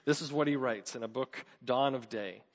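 A man's voice: mid-range voice, moderate pace. A man preaching a sermon as pastor, earnest and building to emphatic questions. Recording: dull sound with long hall reverb.

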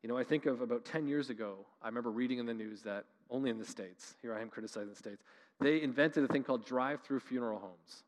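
A male pastor from Canada preaching a sermon with passion, moving between loud emphatic lines and quiet, slow ones. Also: medium pitch. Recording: long reverb of a large hall.

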